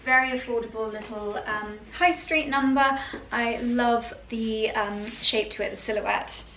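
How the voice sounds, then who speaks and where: A woman's voice: on the high side, fairly even intonation, measured pace, fairly bright tone, slight background noise. A woman chatting casually to the camera in a vlog, bubbly and easygoing, laughing now and then as she talks. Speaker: lifestyle vlogger.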